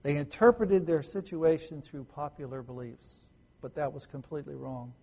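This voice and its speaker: A male pastor preaching a sermon, asking his listeners questions and swinging from loud emphasis to hushed, soft tones. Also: on the high side, moderate pace, vocal fry, slightly rough. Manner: asks the listeners rhetorical questions.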